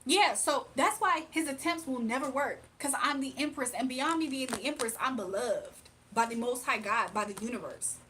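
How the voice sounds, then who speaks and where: A woman talks through a spiritual reading in a casual, emphatic way, often repeating herself. Her voice sits high. Faint room ambience hums underneath. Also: normal speed, hardly any pauses, pushed and bright, slight background noise. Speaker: spiritual reader.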